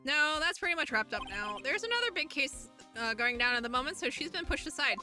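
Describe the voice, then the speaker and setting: Bashful scruffy detective man, woman doing the voice, mumbling, high, lively. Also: fairly quick, faint music behind, heavily acted. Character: earnest scruffy male detective. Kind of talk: reading game dialogue aloud.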